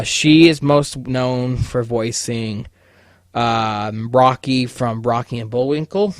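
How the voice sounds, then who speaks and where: A man's voice: medium pitch, no room sound. Young guy ranting on his podcast, swears constantly, keeps tripping over his words, dry close sound. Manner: heavy swearing, stammering restarts. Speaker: podcast host. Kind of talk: casual solo podcast rant.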